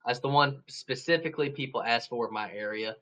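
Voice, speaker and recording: A man from Georgia speaks with a Southern accent and a bright, forceful tone. He chats casually as a podcast guest, folksy and quick to joke and laugh. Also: mid-range voice, rough recording. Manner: joking, laughs often, folksy. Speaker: archery shop owner, podcast guest.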